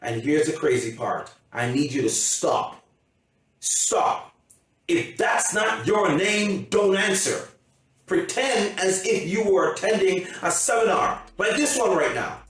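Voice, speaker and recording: Emphatic coach in a very echoey hall. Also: male voice, high-pitched, big pitch swings, takes it slowly, fairly bright tone. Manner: emphatic, repetitive, keeps checking the audience understands. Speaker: motivational coach. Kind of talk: motivational seminar talk. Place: seminar room. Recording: heavy echo, from a distance.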